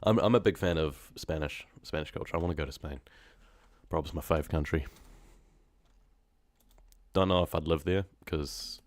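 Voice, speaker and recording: A young man with a New Zealand accent talks to his live chat in a very deep, low voice. He is casual, slangy and quick to laugh. The sound is close and dry, with keyboard clicks behind. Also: dry recording. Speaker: horror story narrator live-streaming.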